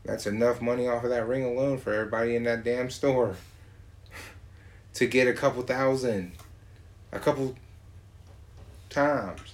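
A man from Georgia, talking in a profane, mocking, animated casual rant. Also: medium pitch, moderate pace, long pauses.

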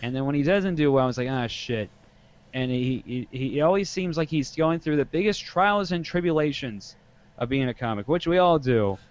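A young man co-hosting a podcast, telling stories in a profane, animated casual chat. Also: mid-range voice, moderate pace, clear, resonant tone, highs cut off. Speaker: podcast co-host.

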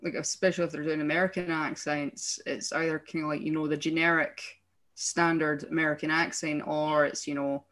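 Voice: mid-range voice, flat delivery, a little fast, a bit bright. A young adult speaker from Scotland with a Scottish accent, chatting casually on a podcast and rambling animatedly with frequent restarts. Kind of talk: casual chat.

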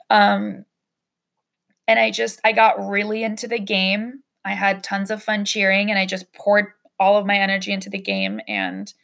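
Young woman, podcast host, candid storytelling, gravelly voice, mid pitch. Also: lively intonation, unhurried, fairly bright tone. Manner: candid, emotional, with frequent fillers and swearing. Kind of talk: personal storytelling monologue.

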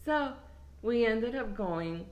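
Crude, animated young woman telling stories. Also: a little high, slow pace. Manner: crude, animated storytelling with laughs. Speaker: storyteller guest. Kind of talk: casual chat.

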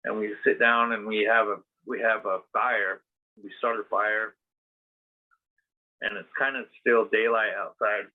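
A man's voice: on the low side, flat delivery, a little slow. A man telling a rambling story casually as a podcast host, full of fillers and swearing. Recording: tinny phone-like sound.

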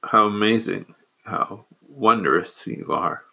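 A man reciting, in his own voice, the slow and reverent prayer of a grateful, devout woman. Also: sits low, flat delivery, a bit bright. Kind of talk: quoted prayer.

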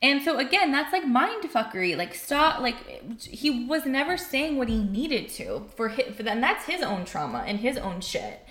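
A young woman telling a personal story in casual chat, candid and animated, swearing and filling her talk with "like". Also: sits high, moderate pace, few pauses, echoey room. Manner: candid, animated, swears freely, many fillers.

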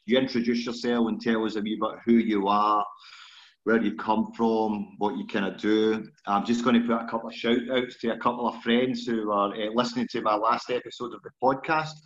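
A man's voice: fairly low pitch, steady tone, fairly quick, dull audio. A Scottish man in his forties hosting a podcast interview in a chatty, self-deprecating way. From Scotland. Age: 40s. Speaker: podcast host. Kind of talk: casual interview chat.

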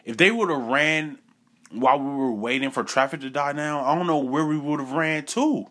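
A young man telling a personal story in a casual, animated way, repeating phrases for effect and acting out what people said. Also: on the high side, moderate pace.

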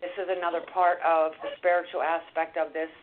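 A woman guest author, telling an emotional story in a talk show scene by scene with animated delivery. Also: low voice, a little fast, a little hiss or hum. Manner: animated, retells scenes step by step. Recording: tinny phone line.

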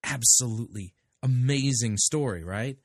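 A man's voice: medium pitch, normal speed, husky, dry recording, clean studio sound. A man hosting a show, giving blunt, sarcastic commentary on a sermon. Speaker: podcast host critiquing sermons. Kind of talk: casual commentary.

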